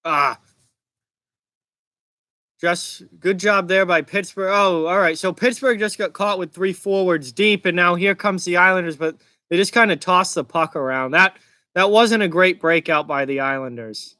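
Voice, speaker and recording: Casually reacting to hockey live, a young man with a slight Massachusetts accent breaks away at times to respond to his chat. His voice is high and bright, at a normal speed. The sound is dry, close, and free of echo.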